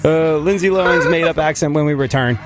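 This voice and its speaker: A male radio host who grew up in England, talking in loose, rambling banter that bubbles with laughter. His voice sits in a middle pitch, and faint music runs softly behind him in the studio. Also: brisk. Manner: animated and rambling, laughs often.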